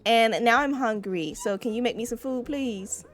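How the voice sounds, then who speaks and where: A woman's voice: fairly high pitch, normal speed, faint music behind, voice pushed up, natural voice. A woman voicing a chatty, hungry little boy who rambles on about his day in a childlike way.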